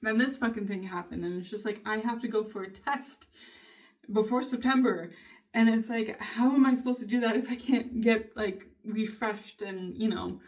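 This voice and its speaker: A woman with a fairly high voice chats to her viewers in a candid diary style, swearing often and slipping into laughs as she vents. She sits a little back from the microphone, so the sound is slightly distant. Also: moderate pace, a little mellow. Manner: candid, frequent swearing, venting with bursts of laughter. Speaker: vlogger. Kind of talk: casual diary-style chat.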